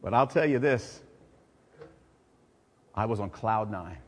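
A middle-aged male pastor preaching a sermon, swinging from loud, emphatic preaching to quiet, personal storytelling. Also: lowish voice, expressive, takes it slowly, breathy edge. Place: church sanctuary. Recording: long reverb of a large hall.

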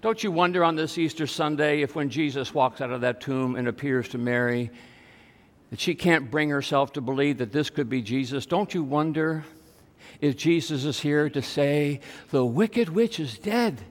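A pastor preaching an Easter sermon, telling stories and asking rhetorical questions. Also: male voice, a little high, normal speed. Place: church sanctuary. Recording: long reverb of a church hall.

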